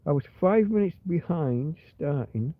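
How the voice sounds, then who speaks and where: Lying in bed on a cold night, a man hosts a rambling, casual livestream, muttering to himself and his viewers and sometimes speaking softly to his companion. His voice is fairly high and animated, with a measured pace. There's no room sound, though the audio is tinny and phone-like.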